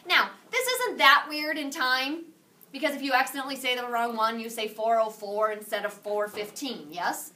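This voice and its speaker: A woman Spanish teacher giving a playful, animated classroom lesson, quizzing her students. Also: on the high side, moderate pace. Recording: distant classroom camera with faint noise.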